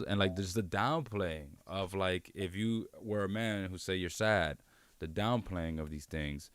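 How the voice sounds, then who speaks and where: Measured podcast co-host, low voice, dry close-mic sound. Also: male voice, a bit bright, smooth, dry recording. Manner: measured, cites research, asks reflective questions. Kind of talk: candid podcast conversation.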